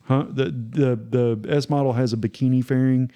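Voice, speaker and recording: A man's voice: mid-range voice, steady tone, moderate pace, warm tone. A man hosting a casual podcast chat, opinionated and enthusiastic, often restarting his sentences. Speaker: podcast host.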